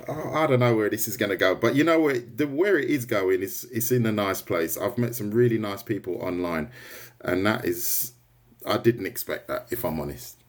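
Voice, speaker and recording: A man's voice: on the low side, normal speed. A man chatting casually on a drawing livestream, rambling and answering viewer comments. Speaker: artist livestreamer.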